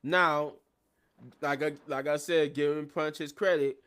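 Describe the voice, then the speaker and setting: A man hosting a live show, retelling events in a casual, animated recap and acting out the quotes. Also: on the high side, measured pace, background noise.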